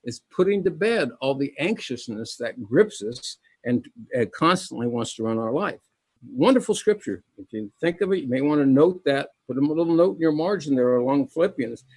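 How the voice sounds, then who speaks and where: A man's voice: mid-range voice, lively intonation, moderate pace, darkish tone, husky, no room sound. A middle-aged man preaching a sermon, reading scripture aloud and repeating key phrases with emphasis, calling his listeners brethren.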